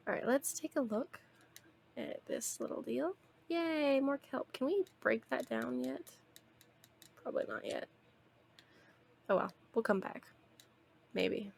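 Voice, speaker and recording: A woman's voice: sits high, animated, slow, vocal fry, long pauses, slight background noise. A young woman streaming a video game, chatting casually in a rambling way and laughing often.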